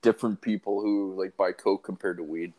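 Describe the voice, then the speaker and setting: A man's voice: low voice, steady tone, fairly quick, darkish tone. A man in casual chat, chiming in with short questions and remarks. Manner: brief reactions and questions.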